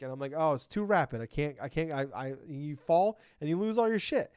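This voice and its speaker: A man co-hosting a podcast, chatting casually and breaking into profane, animated rants. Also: on the high side, a little fast, clear, resonant tone. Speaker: podcast co-host. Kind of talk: casual chat. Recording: dull lo-fi recording.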